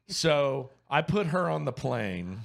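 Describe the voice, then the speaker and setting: A man in his fifties from Louisiana tells a long story among friends. His voice has a gravelly, fry-laden edge. He talks in a loose, animated way and swears freely. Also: on the high side, takes it slowly. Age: 50s. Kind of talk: casual storytelling.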